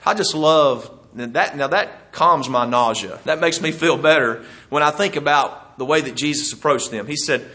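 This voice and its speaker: A man's voice: mid-range voice, normal speed, few pauses, sharp tone. A middle-aged man preaching a sermon in a folksy, self-deprecating way, chuckling as he tells stories.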